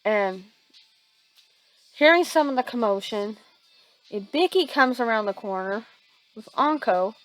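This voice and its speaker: A woman improvising a fan fiction story aloud, halting with many restarts and fillers. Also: fairly high pitch, expressive, soft background music, poor audio.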